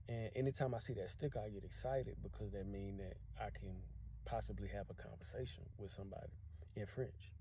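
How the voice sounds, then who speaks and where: Vlogger, man, deep dark tone, earnest and encouraging, dull lo-fi recording. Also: slight background noise. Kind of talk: casual talk to camera.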